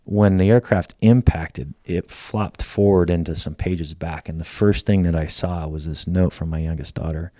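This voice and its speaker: A middle-aged man, a podcast guest, telling a personal story in a lively way and acting out the lines of the people in it. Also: low voice, normal speed, hardly any pauses, dry recording, studio quality. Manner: lively storyteller who acts out quoted lines. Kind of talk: storytelling in casual conversation.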